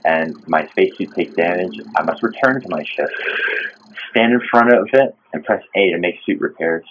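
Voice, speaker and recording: A man voicing a small stranded male alien spaceship captain, reading a ship log in a lower, measured voice. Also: slight background noise, natural voice. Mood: formal. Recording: muffled lo-fi mic.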